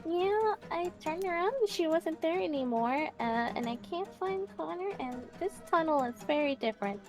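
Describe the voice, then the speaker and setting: A woman's voice: extremely high pitch, animated, moderate pace, music in the background. A woman voicing a cheery little puppet girl in a tabletop game, polite and a bit hesitant. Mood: worried.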